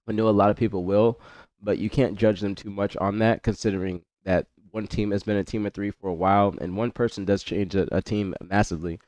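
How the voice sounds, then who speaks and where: A man's voice: on the low side, steady tone, brisk, darkish tone, dry recording. A young man with a congested voice, chatting loosely with his stream chat, greeting viewers by name and often repeating himself. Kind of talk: casual livestream chat.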